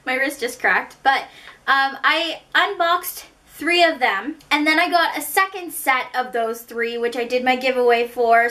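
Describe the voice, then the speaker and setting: Bright, high-voiced Canadian woman vlogger. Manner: chatty and rambling, with self-mocking asides. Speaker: book vlogger. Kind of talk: casual book haul chat.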